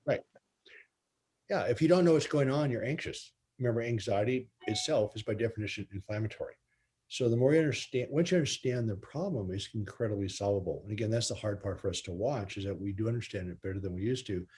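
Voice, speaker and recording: Man, spine surgeon, low voice, mellow tone, earnest explaining. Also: fast talker. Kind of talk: conversational explanation.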